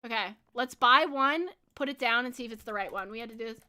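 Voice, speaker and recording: Bright-voiced, giggly young woman streamer. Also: on the high side, fast. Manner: chatty, giggly, lots of fillers. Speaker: game streamer. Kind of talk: casual chat while gaming.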